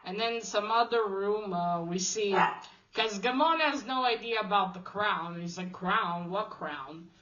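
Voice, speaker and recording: Woman, casual comic recap, slow unhurried delivery, middle pitch, dull lo-fi sound. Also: very noisy. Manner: retells scenes, quoting characters in a flat loose way, many "uh"s and "he's like". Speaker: comic reviewer.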